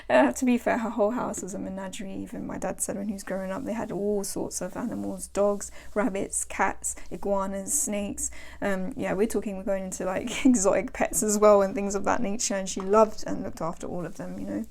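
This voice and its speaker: A woman's voice: medium pitch, level tone, brisk, creaky, few pauses, a little mellow, slight background noise. A woman chatting casually as a tarot vlogger, rambling and laughing as she shows her decks. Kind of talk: casual show-and-tell chat. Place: home.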